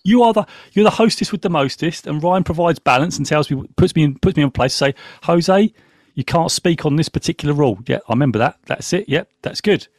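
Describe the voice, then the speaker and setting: A man's voice: on the high side, animated, fast, few pauses, no room sound. Giddy, rambling man hosting. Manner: giddy, rambling, talks over others after wine. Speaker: podcast host. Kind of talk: casual live podcast chat.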